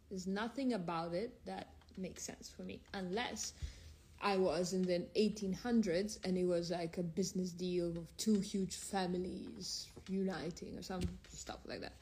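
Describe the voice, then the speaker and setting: A woman hosting a casual phone livestream, reading out viewer questions and answering them frankly, drifting between languages as she talks. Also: medium pitch. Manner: drifts between several languages mid-stream.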